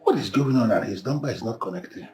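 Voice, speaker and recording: A man plays a fretful Nigerian father in a film drama, pleading and halting as he asks after his son. His voice moves up and down a great deal. Faint score music plays underneath. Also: medium pitch, animated, mellow, close to an everyday voice. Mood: worried. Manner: anxious, halting, questioning. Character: anxious middle-aged father, fretful and pleading.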